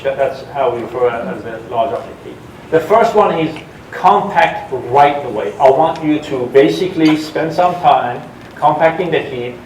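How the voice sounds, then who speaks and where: A man's voice: fairly high pitch, slight background noise. A man giving a technical talk at a developer conference, engaging the audience with questions and plenty of fillers and restarts. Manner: engaging, asks audience for shows of hands, many fillers and restarts. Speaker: conference presenter. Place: large conference hall. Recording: roomy hall sound, mic at a distance.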